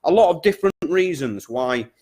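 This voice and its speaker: Emphatic business coach. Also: male voice, a little high, lively intonation, moderate pace, darkish tone. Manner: repetitive, emphatic, keeps checking in with "okay?" and "guys". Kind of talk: direct-to-camera coaching talk.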